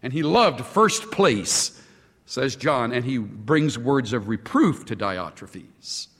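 A man preaching a sermon with impassioned, emphatic repetition and long pauses on key words. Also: mid-range voice, animated, a bit bright, husky. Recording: long hall reverb.

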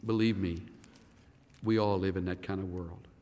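A man preaching a sermon as a pastor, animated and firing rhetorical questions at the congregation. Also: low voice, normal speed. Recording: reverberant hall.

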